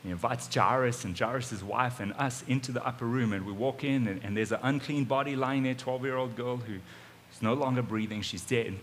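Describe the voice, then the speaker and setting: Animated South African preacher man. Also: medium pitch, a little fast, long reverb tail, slight background noise. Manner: animated, conversational, repeats his starting words. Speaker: pastor. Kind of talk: first-person storytelling sermon.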